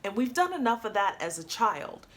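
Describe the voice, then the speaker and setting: A woman coach talking to camera, upbeat and animated, acting out example phrases as she explains. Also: mid-range voice, moderate pace.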